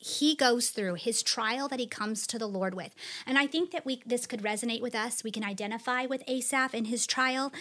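Woman co-host, fairly high voice, reads scripture aloud all earnest. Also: normal speed, few pauses, bright, forceful tone. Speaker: podcast co-host. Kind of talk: Bible teaching chat.

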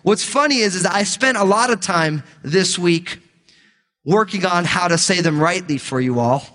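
A male pastor teaching the Bible in a relaxed, conversational way, with jokey asides between scripture readings. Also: high voice, normal speed, long reverb tail.

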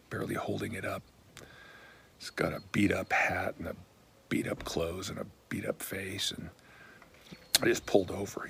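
A pastor telling a personal story in a relaxed, blunt, conversational way. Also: male voice, fairly low pitch, vocal fry, slightly rough.

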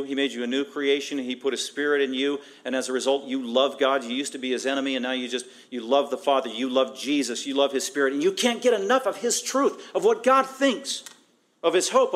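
A middle-aged man preaching a sermon as a pastor, emphatic and conversational, piling up repeated phrases for stress. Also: medium pitch. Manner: conversational, breaks into acted quotes.

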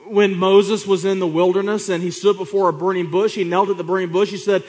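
A man preaching a sermon, swinging from hushed to loud, with repeated rhetorical questions to the congregation. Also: high-pitched, level tone, brisk.

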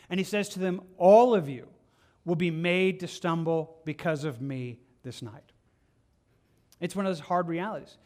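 A man with a high voice delivers a sermon from the pulpit. He speaks earnestly and conversationally, circling back and restarting phrases as he talks to his congregation. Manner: earnest, conversational preaching with repeated words and restarts. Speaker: pastor.

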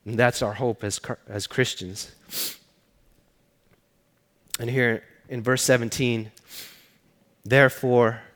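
A man's voice: mid-range voice, steady tone, slow, pauses often. Male pastor, mid-range voice, earnest sermon storytelling, long hall reverb. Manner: earnest personal storytelling, often dropping to a hushed voice.

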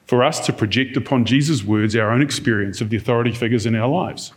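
A man's voice: medium pitch, fairly quick. A man preaching a sermon in a conversational way, now and then acting out quoted lines in different tones.

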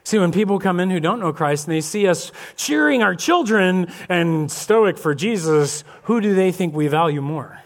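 A man preaching a lively sermon as pastor, acting out little scenes and voices of churchgoers. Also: high voice, moderate pace, few pauses. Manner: animated, acts out congregation voices. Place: church sanctuary.

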